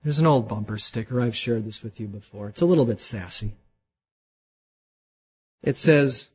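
Husky-voiced man preaching animatedly. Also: a little fast. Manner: animated preaching, voice climbing high when voicing God. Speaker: pastor. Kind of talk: sermon.

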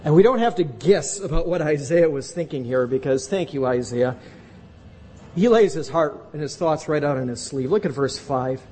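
A man's voice: expressive, moderate pace, warm tone. A male pastor preaching a sermon in a church, emphatic and repeating words for weight. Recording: long reverb with faint rumble.

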